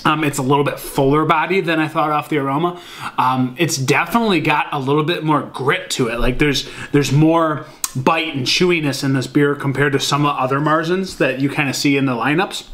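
A man with a fairly high voice chats loosely through a beer review in his house. He rambles, leans on fillers and keeps calling his viewers guys. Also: a little fast, fairly bright tone. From Michigan. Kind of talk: casual beer review vlog. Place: at home.

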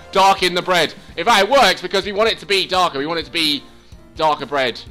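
A man giving let's play commentary, excitable and swearing as he talks to the game. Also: high-pitched, fairly quick, soft background music. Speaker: gaming channel host.

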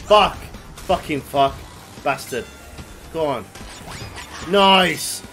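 A man giving excitable, swear-heavy let's play commentary, yelling at the game as he plays. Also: a little high. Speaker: gaming YouTuber. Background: game music.

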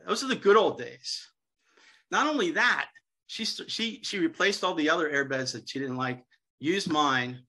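Bright-voiced man telling sales stories. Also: fairly high pitch. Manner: lively storyteller, acts out quoted dialogue. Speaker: guest speaker on hospital sales. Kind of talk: anecdotal seminar talk.

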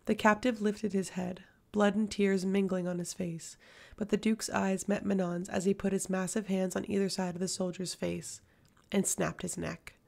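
A woman narrating a fantasy novel audiobook in a steady, measured reading. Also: medium pitch, gravelly. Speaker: audiobook reader.

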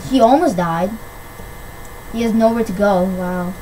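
A woman giving casual gameplay commentary, excitable and quick to shriek when things go her way. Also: mid-range voice, a little hiss or hum, poor audio. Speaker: gamer. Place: at home on a PC.

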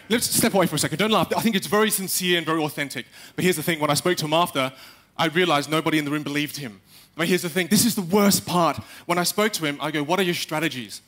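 A young man giving a live talk on stage, animated, acting out little quotes and speaking straight to the audience. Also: a little high, quick pace. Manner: animated, acts out quotes, addresses the audience directly.

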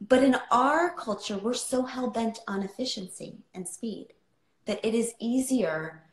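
A woman's voice: fairly high pitch, unhurried. Impassioned woman author in an echoey room. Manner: impassioned, keeps asking "right?". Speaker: author guest. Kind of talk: livestream conversation, personal storytelling.

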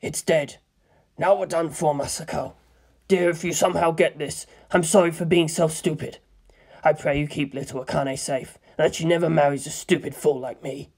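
A man's voice: a little high, moderate pace. A man voicing a middle-aged bystander filming a monster attack, blurting and swearing. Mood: resigned. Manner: excited breathless swearing. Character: middle-aged man filming a disaster, frantic then resigned.

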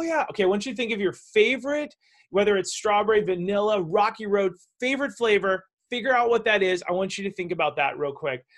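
A middle-aged man hosts a casual interview with a high-pitched voice. He tells long anecdotes with lots of energy and acts out the voices of the people in them. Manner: animated, acts out quoted voices. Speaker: show host. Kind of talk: conversational storytelling interview.

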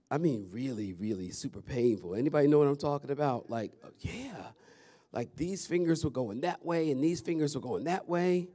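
A man, a pastor talking casually and animatedly to his congregation in a church. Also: mid-range voice. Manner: chatty and animated, calls out to the audience. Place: church sanctuary.

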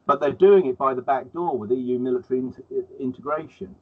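Man, mid pitch, husky, phone-line sound, halting casual talk. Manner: halting, stacks up repeated words. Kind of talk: casual conversation.

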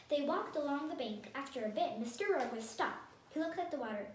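High-voiced woman reading a kids' book. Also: a little fast, slight background noise. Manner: expressive, animated storytelling voice. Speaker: storybook reader. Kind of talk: children's read-aloud. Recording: echoey room, distant mic.

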